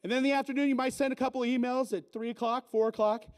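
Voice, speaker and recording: High-voiced, playful male emcee. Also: steady tone, rapid-fire. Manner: playful, teasing, crowd-working. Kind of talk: live comedic emcee set. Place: event stage before an audience.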